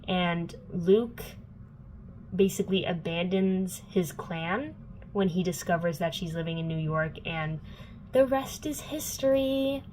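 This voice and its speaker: A woman's voice: fairly low pitch, steady tone, unhurried, darkish tone, a little hiss or hum, low-quality recording. A young woman vlogging a casual, sarcastic book recap full of fillers. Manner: chatty, filler-heavy, sarcastic asides.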